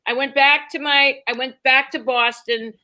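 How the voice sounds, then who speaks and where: A woman's voice: sits high, moderate pace. A woman comedian telling funny stories in a casual chat, laughing often and acting out other people's voices. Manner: animated, laughing, acts out voices in her stories. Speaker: comedian guest. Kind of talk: storytelling chat.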